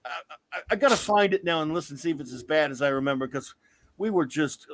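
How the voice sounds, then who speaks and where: A man in his fifties hosting a casual comics talk stream, an animated storyteller who often breaks into laughter. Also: a little high, fast talker. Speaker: comics podcast host. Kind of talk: casual live-stream chat.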